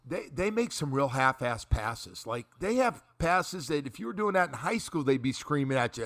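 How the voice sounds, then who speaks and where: A man hosting a sports talk radio show, talking through a game in an animated, rambling way and repeating his words. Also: a little high, normal speed, hardly any pauses.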